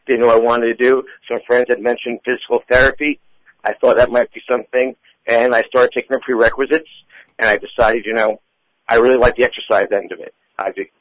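A man, a fitness professional, answering interview questions with a voice he says is going, clearing his throat now and then. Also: mid-range voice, no echo, rough recording. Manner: measured, fillers and restarts, clears throat. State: losing his voice.

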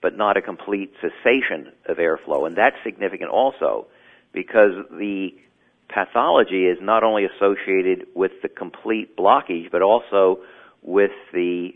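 A man explaining sleep medicine as an interview guest, measured and clinical. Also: deep voice. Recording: tinny phone line.

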